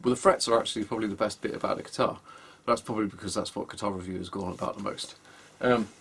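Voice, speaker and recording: A man's voice: on the low side, fairly even intonation, racing, vocal fry, fairly bright tone, slightly rough. A man giving casual, wry workshop commentary as he sets up a guitar, hesitating often and sounding exasperated, recorded on a camera microphone in an indoor workshop. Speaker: guitar repairer.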